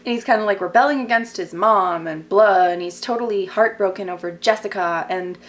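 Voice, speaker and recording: A woman's voice: medium pitch, a little fast. A young woman in a casual TV recap vlog, chatty and gossipy, filling her talk with "like" and sarcastic asides. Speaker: vlogger.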